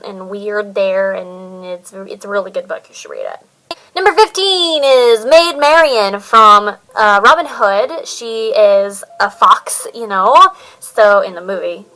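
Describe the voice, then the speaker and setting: A woman's voice: mid-range voice, lively intonation, a little slow, bright, forceful tone, soft background music, poor audio. A woman chatting through a book tag video in a put-on, jokey mixed accent, rambling and poking fun at herself. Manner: rambling, chatty, self-mocking. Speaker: book vlogger. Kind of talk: casual book tag chat.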